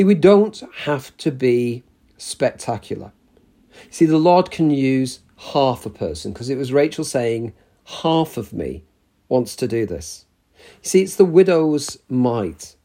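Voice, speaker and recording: A male preacher delivering a sermon with slow, deliberate pacing. His voice is mellow and dark, and he lifts and drops it a lot for emphasis, pausing between short phrases. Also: medium pitch. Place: church.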